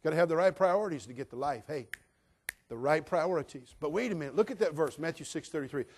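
A male pastor delivering a sermon in a slightly higher-than-usual voice. He preaches with humor and drive, rising to loud, emphatic bursts and then dropping to low, confiding asides. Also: lively intonation, quick pace, a little hiss or hum.

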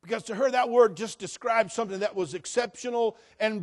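High-voiced preacher, dramatic swings. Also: male voice. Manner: swings between soft, hushed passages and loud, emphatic declarations; slows down to stress key phrases. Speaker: pastor. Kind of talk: sermon.

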